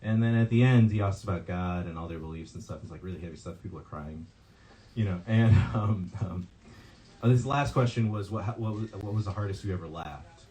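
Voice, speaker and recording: Hesitant man reading poetry, dark voice. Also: deep voice, rough recording. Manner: halting, hesitant, many ums and uhs. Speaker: poet reading at an open mic. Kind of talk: poetry reading with casual asides. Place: bookstore poetry night.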